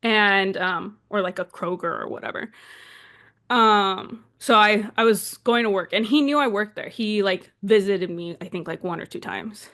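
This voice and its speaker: A woman in her twenties from Southern California, co-hosting a podcast and telling a story in a casual, animated way, full of "like" fillers. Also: medium pitch, moderate pace. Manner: animated, chatty, heavy use of "like" fillers. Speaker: podcast co-host.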